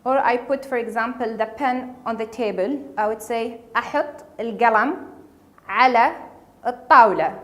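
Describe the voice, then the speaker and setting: Woman, fairly high voice, patient language teacher, repeats words slowly. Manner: patient, repeats each word slowly for learners. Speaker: Arabic dialect teacher. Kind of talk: casual spoken language lesson.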